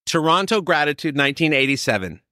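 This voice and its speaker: A man from California, older, telling his recovery story in a lively, storytelling way, acting out what others said. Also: on the high side, fast talker, no room sound, clean studio sound. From Sacramento, California. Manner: storytelling, animated, quoting others. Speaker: recovery speaker.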